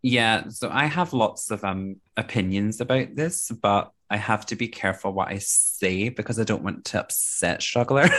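A male podcast co-host chatting casually, with a teasing, opinionated edge. His voice sits at an ordinary middle pitch. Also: a little slow, fairly bright tone. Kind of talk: casual chat.

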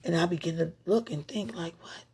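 A woman's voice: lowish voice, a little fast, a little mellow, breathy edge. A woman giving an emotional personal testimony, talking straight to her partner in a heartfelt, rambling way with prayerful asides.

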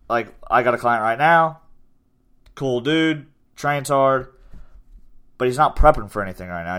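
A man in his twenties talks in a loose, rambling way, upbeat and a bit self-promoting. His voice sits low and comes through smooth and resonant. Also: fairly bright tone. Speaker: podcast host and gym owner. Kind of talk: casual chat.

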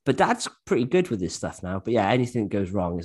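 A man's voice: deep voice, fast, few pauses, darkish tone, slightly rough. A man co-hosting a podcast in casual chat, who often slips into mimicking other people's voices. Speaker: podcast co-host.

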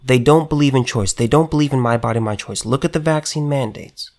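A man's voice: mid-range voice, fairly quick, darkish tone. A man delivering an impassioned political rant straight to his viewers, emphatic, stumbling over restarts and repeating himself. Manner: emphatic, repetitive, stammering restarts, addresses viewers directly. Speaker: political commentator.

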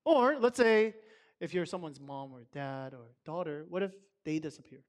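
High-voiced man chatting to a congregation. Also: sing-song, normal speed. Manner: conversational, asks the audience many questions; loose and chatty, filler words. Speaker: speaker at a Sabbath service. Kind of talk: casual talk to a congregation. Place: church service. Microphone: microphone.

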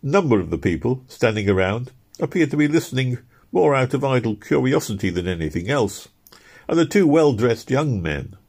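A man narrating an audiobook in a measured, expressive storytelling manner. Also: lowish voice, slightly rough.

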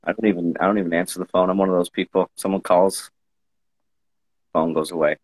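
Low-voiced joking man, casual chat. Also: level tone, brisk, rough recording. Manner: joking, self-deprecating. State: hay fever. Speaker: host. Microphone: Instagram Live stream.

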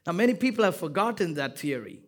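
A man preaching a sermon, building repeated lines to loud emphatic peaks and dropping to quiet asides, with some playful banter with the congregation. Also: sits high, big pitch swings, fast. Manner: repetitive rhetorical cadence. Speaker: pastor.

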